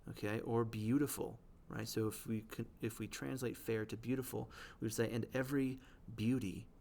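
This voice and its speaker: A man teaching, explaining the language of poems in a patient way. He checks in often with "right?" and reads the quoted lines slowly. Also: on the low side, creaky.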